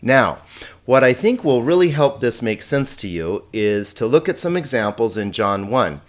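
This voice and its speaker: A man's voice: mid-range voice, sing-song, normal speed. Man, teacher delivering a recorded lesson; friendly and patient, repeats forms, asks the class questions. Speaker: Greek teacher.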